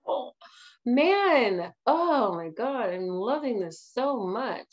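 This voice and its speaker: An excitable woman chatting her way through a live tutorial, her voice bouncing up and down as she giggles at her own ideas. She speaks slowly and brightly from a higher register. The stream audio sounds dull and lo-fi. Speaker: trainer hosting a live session. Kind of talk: casual livestream tutorial.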